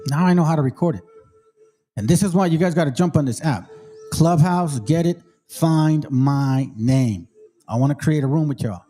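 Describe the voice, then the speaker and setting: A man's voice: a little high, normal speed, warm tone, faint music behind. A middle-aged man from Mexico, hosting a channel and commenting emphatically on a played debate clip in a casual, preachy street manner. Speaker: channel host.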